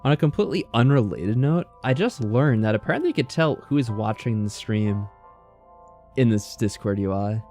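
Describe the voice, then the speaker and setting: A man hosting a game stream and chatting with friends, his voice swinging widely as he reacts. He talks in a playful, animated way, with faint music running underneath. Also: on the low side, normal speed. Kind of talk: casual let's-play chat.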